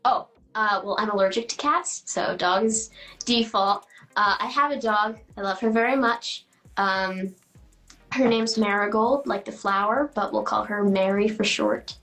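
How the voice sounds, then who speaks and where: A woman's voice: mid-range voice, measured pace, a bit bright, faint music behind, rough recording. A teenage girl, a guest actress, answering interview questions chattily with lots of fillers and giggles.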